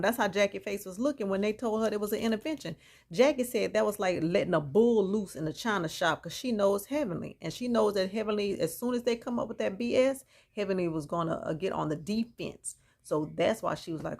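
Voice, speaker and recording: Gossipy lady doing a reality show recap, gravelly fry in her voice, super opinionated. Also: medium pitch, brisk, a little mellow. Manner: opinionated, chatty, mixes in reactions.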